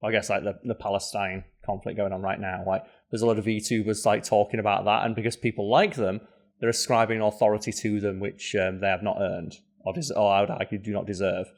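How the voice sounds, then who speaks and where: A man co-hosting a podcast, chatting casually with quick asides and frank swearing. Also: fairly low pitch, little pitch movement. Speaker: podcast co-host. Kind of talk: casual chat.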